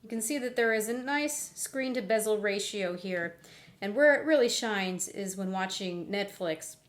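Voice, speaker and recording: A woman's voice: medium pitch, moderate pace. A young woman giving a candid, conversational phone review while getting over laryngitis. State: recovering from laryngitis. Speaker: tech reviewer. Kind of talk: casual product review.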